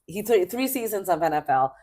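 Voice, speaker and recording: A middle-aged woman co-hosting a casual sports podcast, chatty and emphatic, rambling with quick restarts. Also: mid-range voice, big pitch swings, mellow. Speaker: podcast co-host.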